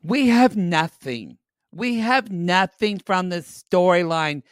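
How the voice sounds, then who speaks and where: A man's voice: sits high, expressive, slow pace, no echo, clean studio sound. A man voicing a pushy young gay male TV producer, coaxing and wheedling. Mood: pleading.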